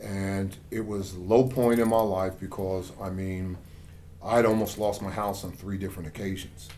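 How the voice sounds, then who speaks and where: A man's voice: sits low, normal speed, a little hiss or hum. A middle-aged man from the United States, an author telling his story as an interview guest with passion and acted-out dialogue. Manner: passionate, animated storyteller who acts out quoted dialogue. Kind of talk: conversational storytelling.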